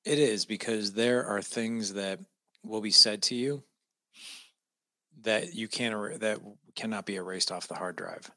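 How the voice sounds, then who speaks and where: A man's voice: on the low side, a little slow, no room sound. A middle-aged man telling a personal story in casual conversation, acting out the voices of the people he quotes. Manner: animated, acts out quoted dialogue. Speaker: podcast guest.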